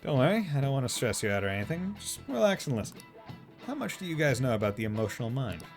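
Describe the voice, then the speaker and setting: A streamer voicing a calm male school counselor in a game, reassuring, quick explanations, lively pitch, faint game music behind. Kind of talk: reading game dialogue aloud.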